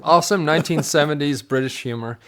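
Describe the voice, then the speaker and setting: A man's voice: a little high, a bit bright. Rambling, jokey middle-aged man. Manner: jokey, rambling, quick asides. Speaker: podcast co-host, father. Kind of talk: casual chat.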